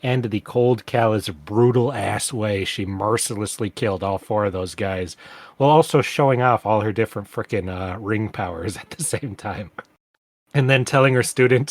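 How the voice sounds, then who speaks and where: A man's voice: on the low side, moderate pace, no room sound. A man co-hosting a casual book-discussion podcast, talking emphatically and argumentatively, cursing freely, recorded on a microphone. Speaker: podcast co-host. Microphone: studio mic.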